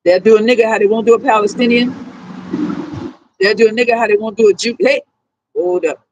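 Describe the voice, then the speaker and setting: A woman's voice: a little high, steady tone, a little fast, background noise. A woman with a New Orleans accent, talking bluntly and profanely in a rambling livestream monologue. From New Orleans, USA.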